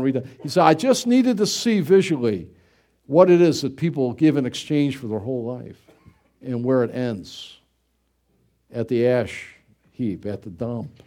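A man's voice: medium pitch, warm tone. A middle-aged man from the United States, preaching in a folksy, conversational way with many rhetorical questions. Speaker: pastor. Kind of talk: sermon.

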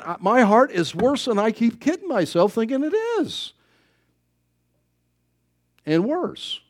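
A man preaching a sermon as pastor, swinging between loud emphasis and quiet asides. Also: high voice.

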